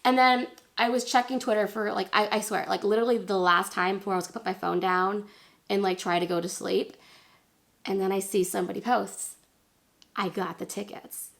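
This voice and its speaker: A young woman telling a story in a casual vlog, chatty and animated, laughing at herself and jumping into a high squeal when she acts out what people said. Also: brisk, creaky. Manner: chatty, many fillers and self-deprecating laughs. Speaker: vlogger.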